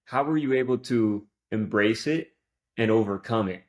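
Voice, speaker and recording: A man's voice: fairly low pitch, normal speed, dull audio. A man hosting a golf podcast, talking in a motivational way and repeating phrases for emphasis. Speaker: podcast host. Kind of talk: casual podcast interview.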